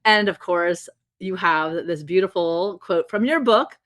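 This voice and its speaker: A woman's voice: on the low side, measured pace, fairly bright tone, no room sound. Gushing woman podcast host, dry sound. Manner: effusive, gushing, laughs often. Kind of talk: enthusiastic interview chat.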